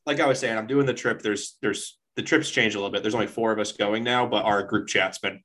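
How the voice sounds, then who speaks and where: A man with a somewhat low voice co-hosts a casual podcast. He talks in a brash, profane way and is quick to banter. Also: fairly even intonation, fairly bright tone, low-quality recording. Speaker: podcast co-host. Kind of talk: casual chat.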